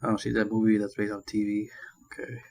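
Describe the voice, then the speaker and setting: A man's voice: lowish voice, monotone, quick pace, gravelly, a little mellow, rough recording. A man giving a casual movie review, rambling and ranting with constant swearing and crude jokes. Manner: crude, profanity-laden rambling; annoyed ranting.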